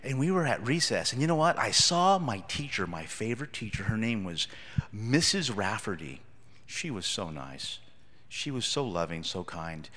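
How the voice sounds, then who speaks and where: A man gives a children's sermon, telling a story from his school days and quizzing the kids as he goes. His pitch swings widely as he talks, and his voice rings through a large, echoey church hall. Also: normal speed. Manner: animated, asks the children questions. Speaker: pastor giving a children's message.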